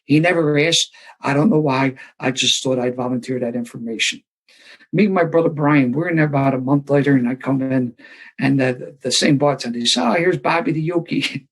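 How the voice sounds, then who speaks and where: Older Philly man, sixties, husky gravelly voice, animated self-deprecating storyteller at a meeting. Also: medium pitch, low-quality recording. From Philadelphia area. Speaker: recovery meeting speaker. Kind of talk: storytelling talk to a live audience.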